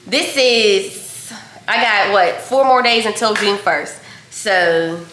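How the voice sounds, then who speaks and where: A young woman from Pittsburgh, a hairstylist, telling a story casually to her viewers while she cooks in her kitchen, chatty and animated. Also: medium pitch, slow, echoey room, slight background noise. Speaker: vlogger and hairstylist. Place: home kitchen.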